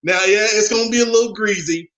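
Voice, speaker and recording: A man hosting a podcast, talking casually with plenty of fillers and getting animated when worked up. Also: sits high, fast talker, rough recording. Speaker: podcast host. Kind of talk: casual chat.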